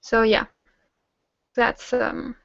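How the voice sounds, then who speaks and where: A woman's voice: on the high side, completely flat delivery, drawn-out words, creaky, no room sound, highs cut off. A young German woman answering viewer questions in a casual online hangout, rambling with lots of fillers as she reads questions aloud and answers them.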